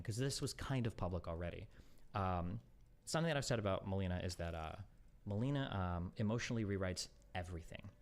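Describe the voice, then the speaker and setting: A man on a stream talking casually, retelling an argument in an aggrieved, filler-heavy way. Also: sits low.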